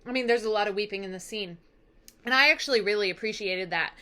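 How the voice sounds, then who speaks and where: Bright-voiced chatty teacher woman. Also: medium pitch, fast talker. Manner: animated, chatty, dramatic. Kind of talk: casual lesson recap.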